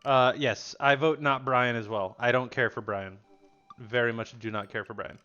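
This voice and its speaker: Casting: male streamer, casual chat, lo-fi mic with soft background music. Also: mid-range voice, steady tone, moderate pace, clear, resonant tone. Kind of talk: casual gameplay commentary.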